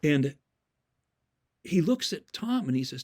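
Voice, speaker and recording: A man's voice: a little high, big pitch swings, takes it slowly, a little mellow. A man giving an earnest, sermon-style talk, telling stories and citing scripture verses from memory, repeating key words for emphasis. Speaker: Christian speaker.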